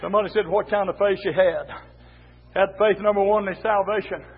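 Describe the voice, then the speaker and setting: A man preaching a fiery revival sermon in a church, his voice pitched very high for a man. He chants in rhythmic bursts, slips an "uh" between phrases, and shouts his refrains. It all comes through thin and tinny, like a phone line. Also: fairly even intonation, brisk, breathy edge.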